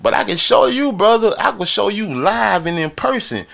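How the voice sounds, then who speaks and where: High-voiced man, heated live-stream debate. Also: big pitch swings, normal speed, vocal fry, a bit bright. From Florida. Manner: boastful, repetitive, laughing challenges.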